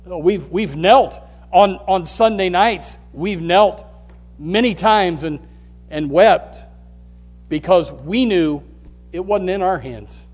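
A man preaching as a pastor, swinging from loud, rising calls down to near-whispers. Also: sits high. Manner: preaching with sudden loud rises and hushed drops. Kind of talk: sermon.

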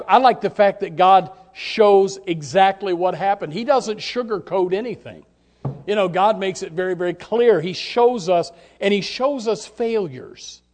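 High-voiced male preacher; sermon, hush-to-shout dynamics, repetitive bursts. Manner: dramatic swings from near-whisper to shouting; repeats words and restarts in bursts.

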